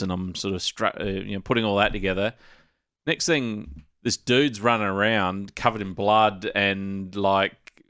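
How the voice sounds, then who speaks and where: Low, smooth-voiced man hosting. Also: steady tone, unhurried, a bit bright, no echo, studio quality. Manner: easygoing, rambling game recap. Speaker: podcast host. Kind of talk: casual podcast chat.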